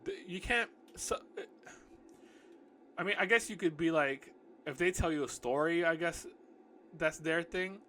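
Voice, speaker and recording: A man reads his own novel aloud in a loose, joking manner, often stopping to mock and argue with his own writing and correct himself. His fairly high voice is bright and forceful, with a measured pace and frequent pauses, against slight background noise.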